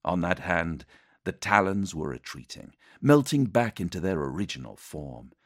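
A man's voice: low-pitched, lively intonation, moderate pace, husky, dry recording, clean studio sound. A man narrating an action audiobook in a dramatic, intense scripted style.

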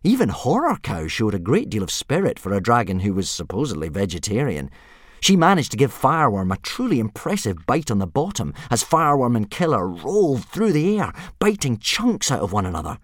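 A man reading a children's adventure story aloud with lively, animated narration. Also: medium pitch, brisk, dry recording, studio quality. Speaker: audiobook narrator.

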